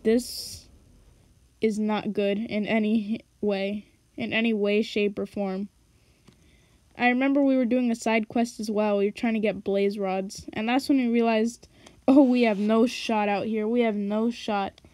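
A woman's voice: medium pitch, fairly even intonation, unhurried, a little mellow, no echo. A woman giving casual, jokey gameplay commentary, mocking herself with dramatic asides. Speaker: gaming video narrator. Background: background music.

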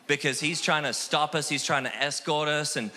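A man from Australia, a missionary guest telling animated, self-deprecating stories in a casual interview. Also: on the high side, moderate pace. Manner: animated, acts out quoted voices, self-deprecating. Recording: long hall reverb.

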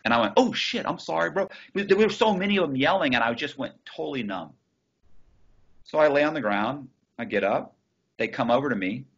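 A man's voice: medium pitch, expressive, brisk, a bit bright, slightly rough. A man, a guest telling his story casually, swearing often and quoting others as he goes. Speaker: interview guest. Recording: muffled video call audio.

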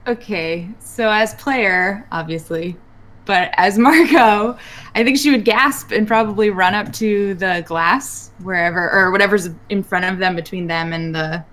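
A woman playing a tabletop game, calmly describing what her character does. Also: mid-range voice, a little slow. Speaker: player. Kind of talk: casual tabletop role-play.

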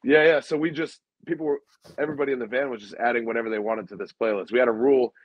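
A man guesting on a podcast, easygoing and full of fillers, his voice at a middling pitch. The sound is dull and lo-fi, with no room around it at all. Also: racing, dry recording. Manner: relaxed storyteller, many fillers. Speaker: guest musician. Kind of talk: casual chat.

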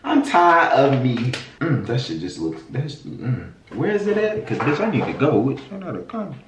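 A man hosts a casual reaction vlog, animated and exclamatory, his pitch leaping up and down as he swears freely. He sounds a little out of breath. The recording is roomy and off-mic, with a faint hiss underneath. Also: normal speed, distant mic. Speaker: YouTube host reacting to food videos.

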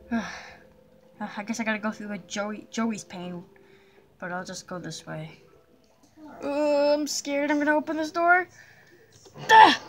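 A woman voicing a jumpy young blocky hero in a cartoon adventure, hesitant, with many nervous pauses and yelps. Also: sits high, fairly bright tone.

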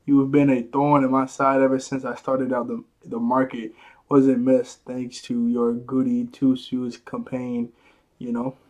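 A man reading out the lines of a defiant, beaten male black-market dealer, slow and scornful. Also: medium pitch, close to an everyday voice.

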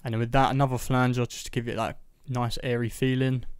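Man calmly walking through a beat tutorial. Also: mid-range voice, fast talker, over music. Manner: casual, steady step-by-step walkthrough with frequent fillers. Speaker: beat maker explaining his production. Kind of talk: voice-over music production tutorial.

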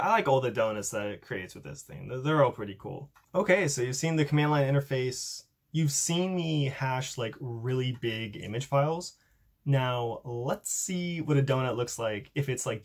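A young man in a casual tech vlog, chatty and upbeat, showing off a coding project with a self-deprecating humor. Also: medium pitch. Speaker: YouTuber demonstrating a coding project.

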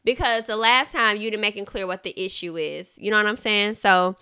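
Bright, clear-voiced woman podcast host. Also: mid-range voice, fairly quick. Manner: chatty, animated, laughs often, addresses listeners as y'all. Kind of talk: casual book discussion.

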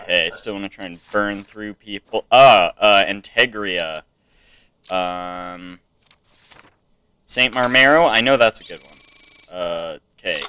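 A young man chats his way through a video game, reading on-screen text aloud and tossing in playful asides. His voice sits fairly low but cuts bright and forward. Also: takes it slowly, pauses often, smooth. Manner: reads game text aloud, chatty asides, jokey accents. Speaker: gamer playing through a game. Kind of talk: casual game playthrough commentary.

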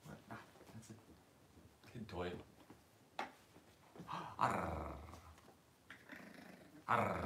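A man's voice: lively intonation, very slow, creaky, long pauses, bright, forceful tone, a little hiss or hum. A man hosting a casual livestream from his living room, cooing and baby-talking to puppies and greeting viewers by name in a loose, rambling way. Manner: coos and baby-talks to puppies, jumping into a high voice. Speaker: dog breeder hosting a livestream. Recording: roomy echoey room.

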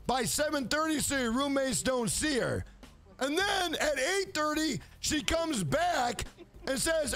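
A man's voice: very high voice, expressive, slow pace, fairly bright tone, faint music behind. A man live-streaming a game, rambling through crude, profane stories and talking back to his chat by name. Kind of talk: casual chat while gaming on a live stream.

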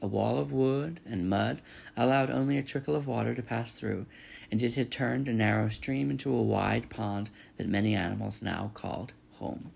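A man's voice: mid-range voice, normal speed, gravelly. A man reading a children's novel aloud, narrating steadily. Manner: steady storytelling. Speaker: reader.

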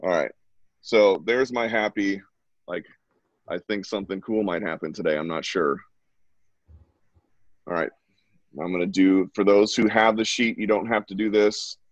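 A man's voice: deep voice, moderate pace, pauses often, no room sound. A man at home giving a casual, chatty live drawing lesson and talking while he sketches. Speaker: drawing instructor. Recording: dull lo-fi, dry sound.

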